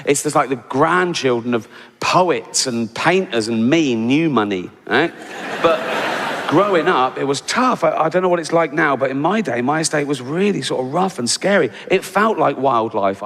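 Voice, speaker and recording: An older man from England works a live theatre crowd with a sardonic, conversational stand-up set, tacking "right?" onto his lines. He speaks at normal speed in a medium-pitched, fairly bright voice with lively intonation, amid the echo of a reverberant hall and audience sounds.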